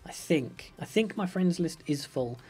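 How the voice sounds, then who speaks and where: A man's voice: a little high, expressive, unhurried, darkish tone, breathy edge, faint music behind. A young man streaming a building game live, chatting playfully with viewers and reading out their questions. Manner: playful, upbeat, chatty, jokey. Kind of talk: live gameplay commentary, reading chat.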